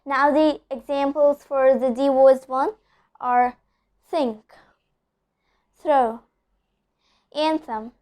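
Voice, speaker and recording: Woman from india, high voice, pronunciation teacher, repeats example words slowly. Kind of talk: explaining pronunciation rules, with spoken examples.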